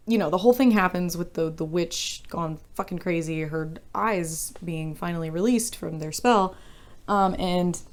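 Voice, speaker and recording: A woman's voice: mid-range voice, darkish tone. A young woman casually ranting about a book she reviews, frank and exasperated, swearing freely and rambling.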